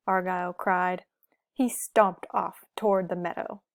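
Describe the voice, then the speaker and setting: A woman reading a picture book aloud to children, gentle and asking the listener questions. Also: lowish voice, steady tone, measured pace, gravelly, no room sound, studio quality. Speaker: storybook reader.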